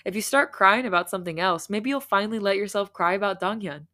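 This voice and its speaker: A woman voicing a gentle, caring young man in a read-aloud romance story, speaking softly but firmly. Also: mid-range voice, fast talker, close to an everyday voice. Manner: soft but firm.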